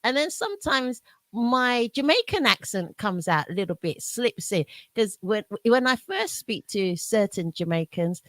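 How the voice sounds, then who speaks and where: Lively, slow-talking South London woman host. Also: fairly high pitch, no room sound. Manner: warm gushing praise, frequent laughter. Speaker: radio host. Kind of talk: casual interview chat.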